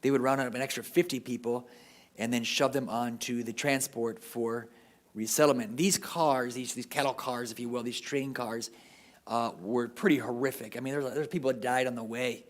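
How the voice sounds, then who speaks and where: A man's voice: mid-range voice, fairly even intonation, moderate pace. A man giving an informal history lecture at a parish, talking off the cuff and often ending sentences with "right?".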